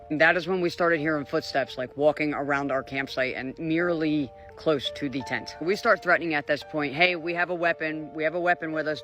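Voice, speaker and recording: A man's voice: fairly high pitch, pushed and bright. A man telling a camping ghost story in an earnest, casual way. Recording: faint music behind.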